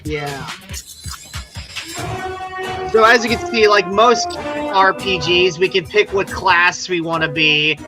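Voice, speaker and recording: A man's voice: sits high, slow, pauses often, music in the background, low-quality recording. A man guesting on a casual livestream, chatting in an offhand, rambling way.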